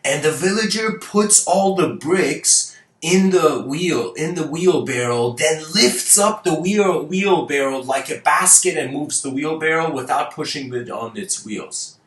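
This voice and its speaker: A man's voice: fairly high pitch, expressive, a little slow, a bit bright, roomy sound. A man whose first language is Persian, talking casually to viewers, rambling through fables with frequent laughs and restarted words.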